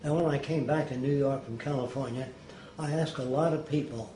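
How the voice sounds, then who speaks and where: A man's voice: medium pitch, fairly even intonation, fairly quick, warm tone. Elderly man telling stories in an echoey room. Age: older. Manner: emphatic, acts out quotes. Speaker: interviewee. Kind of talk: anecdotal storytelling. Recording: roomy echo, faint noise.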